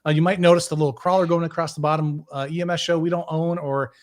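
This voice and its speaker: Rambling podcast host, fairly high voice. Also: male voice, little pitch movement, fast. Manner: rambling, self-correcting. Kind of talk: casual podcast chat.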